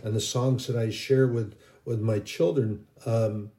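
A man's voice: lowish voice, fairly even intonation, unhurried, dark tone. A middle-aged man giving an informal, rambling sermon, earnest and full of restarts. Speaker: Christian video preacher.

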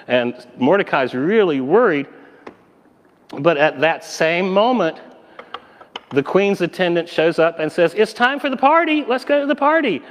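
Animated man telling a children's Bible story. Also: on the high side, in a large hall. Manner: animated, lively character voices. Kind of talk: storytelling for children, voicing characters.

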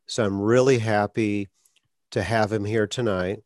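A man's voice: lowish voice, steady tone, unhurried, a little mellow, no echo, clean studio sound. A man from Atlanta, hosting an interview and speaking plainly about his own stuttering. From Atlanta, Georgia, US. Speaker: podcast host.

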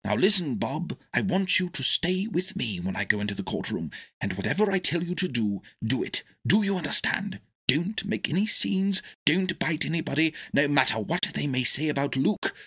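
A brisk, kindly old doctor, earnest and lively, as a man reads him aloud. He speaks noticeably higher than the reader's own low voice, with a husky edge. His pitch swings widely as he explains and gives instructions. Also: exaggerated voice. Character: kindly eccentric older male doctor. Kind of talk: audiobook character reading.

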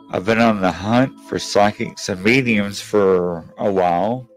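Man from Kentucky, host; very deep voice, slow, a bit hoarse, faint music behind. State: losing his voice. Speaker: podcast host. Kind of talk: show host introduction and interview.

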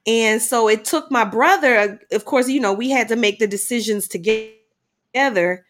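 A middle-aged woman telling a personal story in conversation, animated at times and quiet at heavy moments. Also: fairly high pitch. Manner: animated, acts out dialogue in quick bursts. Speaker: guest sharing a personal story.

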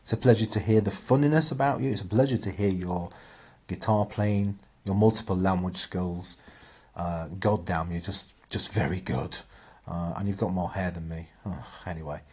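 A man's voice: sits low, normal speed, a little mellow, husky. A man calling in to a podcast, earnestly praising the host. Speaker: caller. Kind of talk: recorded call-in message.

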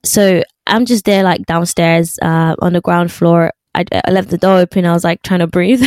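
A young woman vlogger telling a story in casual chat, animated and full of fillers. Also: fairly low pitch, normal speed, dry recording.

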